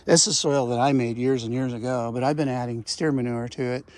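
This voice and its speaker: A man's voice: mid-range voice, fairly even intonation, brisk, darkish tone. A man, a rancher, talking casually and rambling as he works outdoors in his garden, with folksy exclamations. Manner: folksy, rambling, drifts off topic. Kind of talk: casual vlog narration while working.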